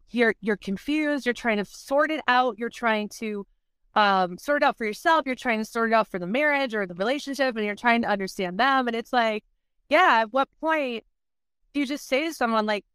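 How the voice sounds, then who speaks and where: A woman's voice: fairly high pitch, normal speed, fairly bright tone, clear, resonant tone, dry recording, studio quality. A woman guest on a podcast, candidly telling her story in conversation, often saying "like" and acting out what people said. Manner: candid, fills speech with "like", acts out past quotes.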